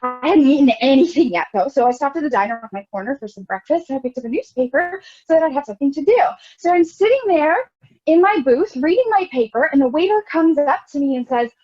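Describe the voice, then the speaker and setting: A woman's voice: high-pitched, animated, fast talker, faint music behind. A young woman acting a neurotic, self-pitying married woman in a rambling, anxious theatre monologue over a video call. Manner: rambling, anxious, bursting into near-tearful shouts. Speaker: actor in a scene study. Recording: dull lo-fi video call audio.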